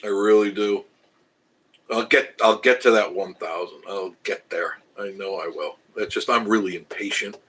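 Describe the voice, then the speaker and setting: An older man with a fairly low voice chats on his livestream, reading viewer comments aloud. He rambles, starts over, and laughs at himself as he talks. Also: moderate pace, a bit bright, husky, low-quality recording. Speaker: travel channel host reading live chat. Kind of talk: casual livestream chat.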